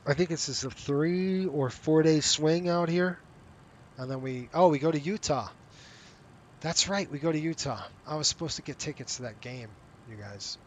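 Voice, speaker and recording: A man's voice: a little high, moderate pace, slight background noise. A man streaming a flight simulator, chatting casually with viewers in a rambling, self-interrupting way while sounding tired and yawning. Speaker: flight sim streamer running a virtual airline. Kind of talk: casual live-stream chat over gameplay.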